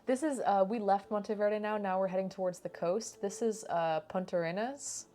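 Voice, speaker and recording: A cooking channel vlogger narrates her travel footage in a casual, rambling way, laughing often and swearing now and then. Her voice is medium-pitched and warm, at a moderate pace.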